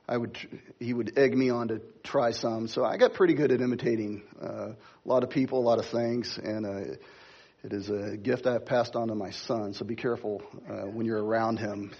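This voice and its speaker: A middle-aged man preaching a sermon, stressing key words slowly and talking to the congregation in asides. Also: medium pitch, a little mellow, husky, muffled recording. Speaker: pastor.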